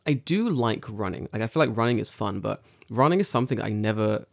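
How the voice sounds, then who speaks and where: A young man in casual chat, swearing freely, excitable and laughing often. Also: lowish voice, brisk, gravelly. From United Kingdom.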